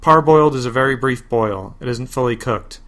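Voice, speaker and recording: A man hosting a podcast, reading a parody superhero story in a deadpan way, flatly spelling out web addresses and asides. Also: medium pitch, fairly quick. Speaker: podcast host.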